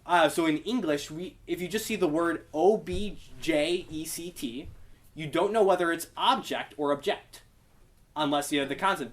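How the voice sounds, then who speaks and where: Young guy teaching greek in a relaxed chatty way, voice sits a bit high, keeps asking the class for questions. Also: a little hiss or hum. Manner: relaxed, explanatory, takes student questions. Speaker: Bible study Greek teacher.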